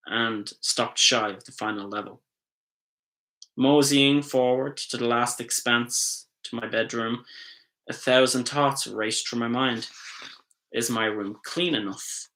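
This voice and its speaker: Bright-voiced man reading his book aloud. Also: mid-range voice, low-quality recording. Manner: casual reading with slips and self-corrections. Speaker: author reading his novel.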